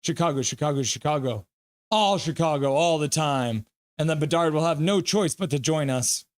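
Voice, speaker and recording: A young man hosting a live hockey reaction stream, chatting casually, reading chat aloud and whooping with excitement. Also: on the high side, moderate pace.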